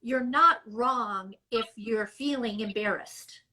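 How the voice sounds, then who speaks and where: A middle-aged woman speech therapist giving measured, emphatic explanations in a podcast interview. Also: fairly high pitch, sharp tone, low-quality recording.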